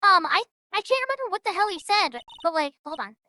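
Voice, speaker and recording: A woman's voice: extremely high pitch, fairly quick, hardly any pauses, dry recording. A woman streaming a game, chatting casually and a bit scattered with her viewers. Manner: scattered, animated, talks to chat. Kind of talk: casual gameplay chat.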